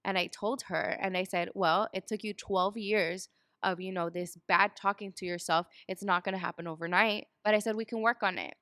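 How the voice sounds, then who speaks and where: Animated woman in her twenties. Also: mid-range voice, moderate pace, clean tone, no room sound, clean studio sound. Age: 20s. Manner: animated storyteller, acts out quoted dialogue, laughs often. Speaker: guest. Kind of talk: casual chat.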